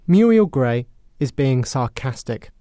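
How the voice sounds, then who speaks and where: A British man presenting a scripted English lesson, explaining clearly in a measured way. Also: medium pitch, sing-song, mellow, no room sound, clean studio sound. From Britain. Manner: clear, measured, explanatory, with acted sarcastic example lines. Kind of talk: scripted educational narration.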